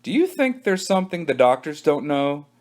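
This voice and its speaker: Man reading as an eager, stubborn boy in a storybook, lively raised voice. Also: a little high, normal speed. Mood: sheepish. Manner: eager, shouty, triumphant. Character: excitable stubborn young boy.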